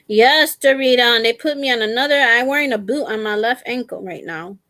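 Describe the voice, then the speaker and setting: Lying at home with her feet raised, a middle-aged crochet channel host talks briskly to her live-stream audience through a laptop mic. Her voice is high and slightly bright, with no echo, and she laughs a lot as she shares stories.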